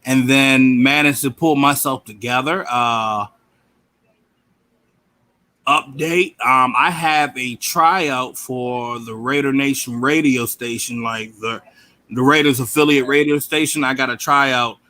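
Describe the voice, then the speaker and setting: Bright-voiced man telling profane stories. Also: medium pitch, slow pace. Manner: animated storytelling, profane, laughing banter. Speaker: podcast guest. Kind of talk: casual chat.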